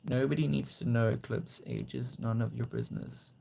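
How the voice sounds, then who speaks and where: Gravelly-voiced young man chatting with viewers. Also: mid-range voice, steady tone, moderate pace, a little hiss or hum. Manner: gentle, encouraging, praising viewers. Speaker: livestream host. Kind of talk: casual live chat reading viewer comments.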